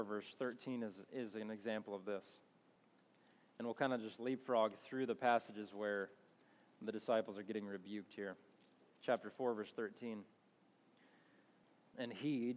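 A man's voice: lowish voice, fairly even intonation, normal speed, long pauses, darkish tone. A man giving a conversational Bible teaching, reading passages aloud and explaining them, often correcting himself as he goes. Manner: conversational, restarts and self-corrections. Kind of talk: sermon with scripture reading. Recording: long hall reverb.

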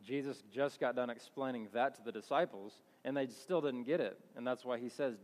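A man delivers a conversational Bible teaching, reading scripture aloud and explaining it, frequently restarting and correcting himself. His medium-pitched voice is brisk and a little mellow, and the recording has a long hall reverb.

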